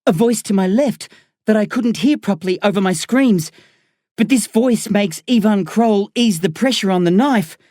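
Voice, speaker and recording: A woman's voice: medium pitch, normal speed, warm tone, no room sound, clean studio sound. A woman narrating a novel in the first person, with an intense, dramatic delivery. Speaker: audiobook narrator.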